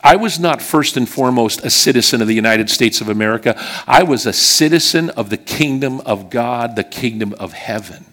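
A man's voice: medium pitch, lively intonation, brisk, a bit bright. A middle-aged man from western Pennsylvania preaching a sermon, telling a personal story in a chatty way and checking in with the congregation as he goes.

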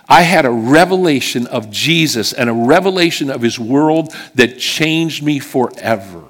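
With a mid-range voice, a middle-aged preacher from western Pennsylvania tells a personal story during his sermon. He keeps it chatty and checks in with the congregation as he goes.

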